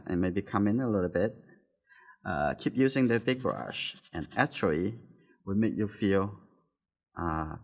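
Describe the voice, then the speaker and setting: Soft-spoken man teaching painting. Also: mid-range voice. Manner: soft-spoken, talks while painting, nonnative phrasing. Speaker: art teacher. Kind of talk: painting demonstration.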